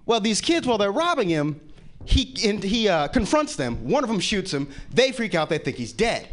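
Animated high-voiced male stand-up comic. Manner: animated, profane, acts out characters in quick bits. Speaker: stand-up comedian. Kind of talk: stand-up comedy set.

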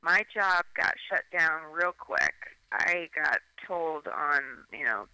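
A woman's voice: low voice, animated, slow pace, pushed and bright, smooth, no echo. Chatty woman on a phone line. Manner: rambling, lots of "like", acts out voices. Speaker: phone-in guest. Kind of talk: casual chat.

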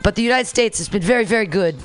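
A woman's voice: medium pitch, racing, natural voice. A woman doing a mocking impression of a boastful male president, reading his lines from a call transcript with faint music behind. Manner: exaggerated mock reading of a transcript.

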